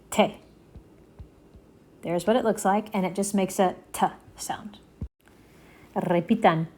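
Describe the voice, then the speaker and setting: A woman teaches the Spanish alphabet in a slow, patient lesson, her voice medium-pitched and a little mellow. She repeats every letter twice and explains its sound step by step.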